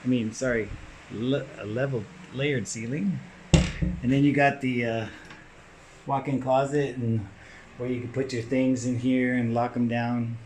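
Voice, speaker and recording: A man's voice: medium pitch, steady tone, measured pace, noisy background. A man narrating a casual walkthrough of a house as he films it, pointing things out as he walks from room to room. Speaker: house tour vlogger. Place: inside a large house.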